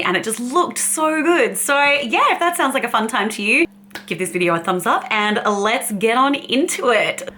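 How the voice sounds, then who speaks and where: A bubbly woman vlogger talks through her makeup in a casual, chatty way. Her voice is bright and forward, with light laughter between her sentences. A faint hum sits behind her. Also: mid-range voice. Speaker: beauty vlogger. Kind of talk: casual makeup swatching chat.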